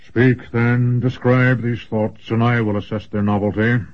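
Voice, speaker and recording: A man voicing a massive, gruff old male sorcerer who speaks in a rumbling, lecturing way. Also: flat delivery, measured pace, lightly acted. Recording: dull lo-fi recording.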